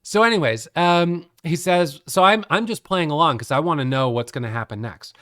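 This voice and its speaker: A middle-aged man explaining a trading topic in a casual, animated way, laughing often as he tells the story. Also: a little high, moderate pace. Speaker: day trading educator.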